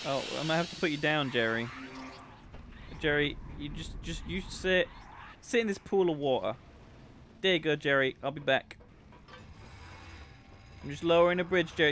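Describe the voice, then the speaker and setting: A young man chatting casually while livestreaming a game, excitable and prone to nerdy tangents about graphics. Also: fairly high pitch, moderate pace, pauses often, a little hiss or hum. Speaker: game streamer.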